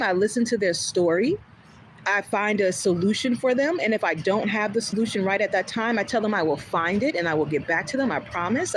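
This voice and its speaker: A woman vlogger with a higher-pitched voice chats casually with her livestream audience, candid and outspoken, swearing freely. She's an animated storyteller who acts out other people's lines. The audio is poor, with slight background noise.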